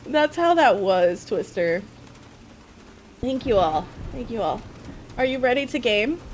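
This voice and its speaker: Streaming a game live, a young woman talks in a high voice at a moderate pace over slight background noise. Her chat is casual and animated, packed with giggles and swearing.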